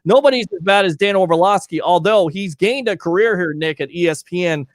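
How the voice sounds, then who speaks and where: A man's voice: sits high, fairly quick, no echo. A man hosting a live sports talk show, reading listener comments aloud and bantering with his co-host. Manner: animated, reads listener comments, jokey banter. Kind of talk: casual live call-in sports chat.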